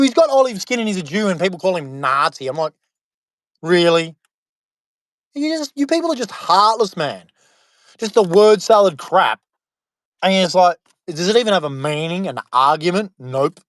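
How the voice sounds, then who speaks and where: A man's voice: sits high, animated, normal speed, dry recording, studio quality. A man with an Australian accent talking casually to camera, rambling and emphatic with many fillers, turning preachy at times.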